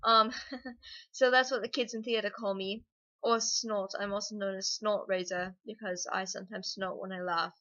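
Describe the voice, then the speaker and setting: A woman's voice: mid-range voice, fairly even intonation, normal speed, a bit bright, highs cut off. An American woman vlogging in a put-on British accent, bubbly and chatty, answering viewer questions with giggles. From United States. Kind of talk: casual Q&A vlog.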